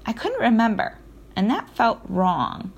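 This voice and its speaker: A woman narrating a children's audiobook in the first person, in a lively storytelling manner with occasional self-corrections. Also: a little high, a little slow, slightly rough.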